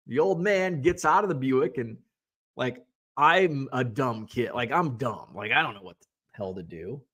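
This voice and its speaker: A man in his forties hosts a casual hobby show, rambling through a self-mocking story. His voice sits a little high and swings widely in pitch, and he drops in the odd swear word. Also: animated, unhurried, a bit bright. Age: 40s.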